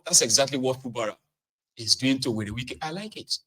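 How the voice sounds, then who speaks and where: A man's voice: medium pitch, brisk, a bit bright, slightly rough, poor audio. A man giving casual political commentary, talking directly to his viewers and checking in with them often. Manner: conversational, mixes in Pidgin, checks in with "okay? right?".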